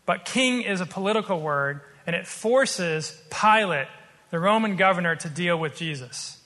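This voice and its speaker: A man preaching a sermon, earnest and explanatory, slowing down to stress his points. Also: high-pitched, lively intonation, bright, forceful tone, big-room sound. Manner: earnest, explanatory, slows for emphasis.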